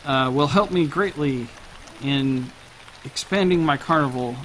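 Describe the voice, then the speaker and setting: A man doing a halting old carnival showman. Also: medium pitch, fairly bright tone, a little hiss or hum, lightly acted. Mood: evasive. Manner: halting speech with stumbles, attempted German accent. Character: strange old male traveling carnival man, evasive.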